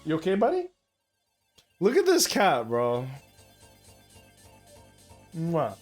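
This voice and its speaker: A young man streams from home, chatting casually with viewers, swearing now and then, and cooing baby talk at his cat. His voice sits high with huge pitch swings and a slightly slow pace. He's close on a desk mic indoors, with faint music behind.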